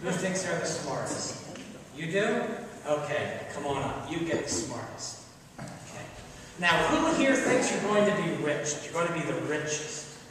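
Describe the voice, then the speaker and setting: Pastor coaxing kids in an echoey church. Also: male voice, fairly high pitch, sing-song, a little slow, noisy background. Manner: friendly, coaxing children. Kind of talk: children's message with storytelling. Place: large church sanctuary. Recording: echoey church hall from far off.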